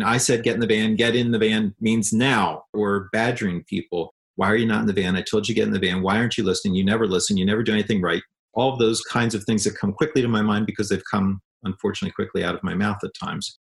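A man's voice: lowish voice, gravelly. A middle-aged man, a pastor and counselor, telling a personal story in an earnest, self-deprecating way, sometimes stammering over restarts. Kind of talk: reflective storytelling talk.

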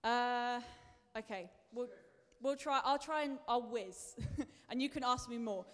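A woman's voice: on the high side, a little slow. A woman preacher giving a sermon in a chatty, self-deprecating way, building to emphatic bursts. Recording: long reverb of a large hall.

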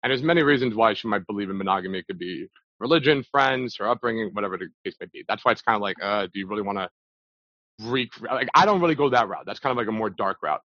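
A man's voice: fairly low pitch, lively intonation, fast talker, dry recording. A man talking as a podcast guest, telling a story in a casual, loose way, full of fillers and restarts. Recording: dull, dry lo-fi audio.

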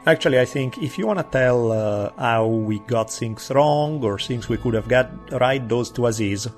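A man's voice: medium pitch, moderate pace, darkish tone, faint music behind. A man co-hosting a podcast, joking playfully as he signs off. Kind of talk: casual podcast chat.

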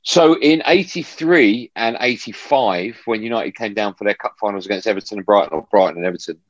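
A man's voice: lowish voice, a little fast, dry recording, dull audio. A man, a football broadcaster, chatting as a guest on a remote call from a room at home and telling stories with lots of restarts. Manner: animated storyteller, frequent restarts. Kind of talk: casual chat.

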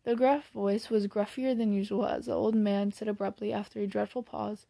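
A woman reading a classic novel aloud in plain, steady storybook narration, now and then correcting a slipped word. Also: medium pitch, moderate pace, gravelly, hardly any pauses, no room sound. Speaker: audiobook reader.

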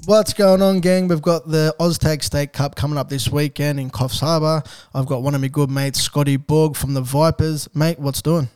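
A man with an Australian accent hosting a casual podcast chat, matey and quick to laugh. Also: a little high, fairly even intonation, darkish tone, clean tone, no echo, studio quality. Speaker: podcast host.

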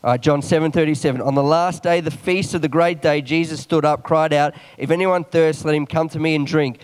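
A man preaching a morning sermon quickly, reading scripture aloud and adding quick asides and jokes. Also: on the high side, fairly even intonation, clear, resonant tone.

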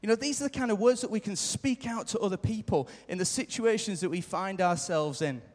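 A preacher with a high voice gives an earnest, brisk sermon live in a church, his words echoing with a long hall reverb. He drives points home through repetition and acts out short quoted remarks.

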